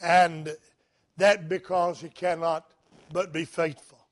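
A male preacher delivers a sermon with a high voice and a slow, deliberate pace. He swings from quiet asides to emphatic, shouted lines. He weaves personal stories into his preaching. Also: animated. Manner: emphatic, rising to shouts, anecdotal.

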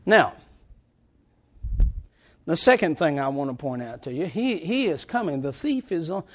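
A man preaching a sermon, swinging from shouted lines to hushed, drawn-out words, with folksy stories told through laughter. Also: a little high, lively intonation.

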